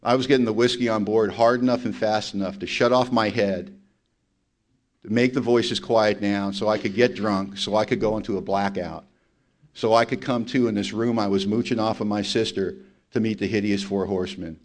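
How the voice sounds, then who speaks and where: A man's voice: fairly low pitch, fairly even intonation, moderate pace. A man speaking at a recovery meeting, telling his story in a blunt, emphatic and self-mocking way. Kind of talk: personal testimony talk.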